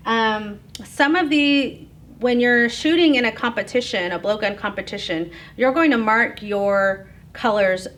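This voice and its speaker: A middle-aged woman from Oklahoma giving an informal lecture on tribal culture, relaxed and chatty, with frequent ums and light laughter. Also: fairly high pitch, measured pace. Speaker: educator presenting on tribal culture.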